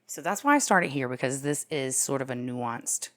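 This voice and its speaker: A low-pitched woman talking through a criminal case in a casual, chatty way. She jokes at her own expense and often jumps up into loud, excited exclaims before dropping back to an offhand tone. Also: moderate pace. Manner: chatty and irreverent, laughs at herself, swings into loud exclaims. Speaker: true crime commentator. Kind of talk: casual legal commentary to camera.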